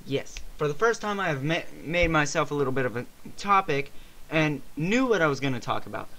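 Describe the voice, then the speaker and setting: A man's voice: on the high side, expressive, fairly quick, pushed and bright. A young man co-hosting a casual podcast, rambling and swearing, his voice cracking often. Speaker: podcast co-host. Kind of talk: casual chat.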